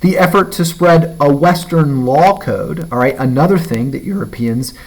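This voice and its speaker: A male teacher giving a recorded literature lecture, pausing often with "uh" and "all right?" and reading a passage aloud slowly. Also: on the high side, poor audio. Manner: frequent fillers and "all right?" check-ins, reads passages aloud slowly. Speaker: high school English teacher.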